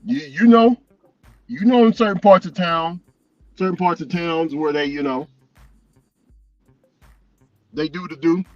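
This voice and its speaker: A man's voice: a little high, a little slow, long pauses, darkish tone, lo-fi sound, soft background music. A man vlogging as a delivery driver, chatting casually and telling loose, profane stories with frequent laughs. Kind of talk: casual chat.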